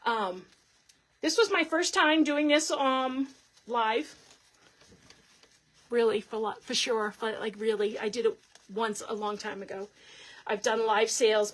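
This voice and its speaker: Woman craft host with a fairly high voice, chatty and upbeat, talking to viewers while she works. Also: fairly bright tone. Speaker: host of a live wreath-making stream. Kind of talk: casual livestream chat while crafting.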